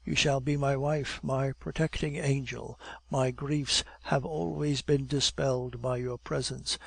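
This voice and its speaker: A man's voice: medium pitch, fairly even intonation, a little slow, creaky, no echo. A man reading the part of an emotional young nobleman in love in an audiobook, with earnest, heartfelt delivery. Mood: solemn.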